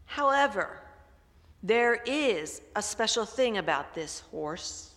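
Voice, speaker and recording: Woman doing a kind preacher guy, slow and calm, bright voice, roomy church echo. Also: mid-range voice. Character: calm kindly male desert preacher.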